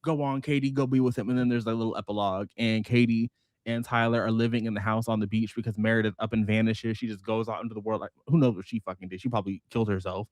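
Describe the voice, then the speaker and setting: Animated, profane male book vlogger. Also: on the low side, quick pace, no echo, clean studio sound. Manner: animated, profane storytelling with quoted voices. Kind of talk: casual book recap vlog.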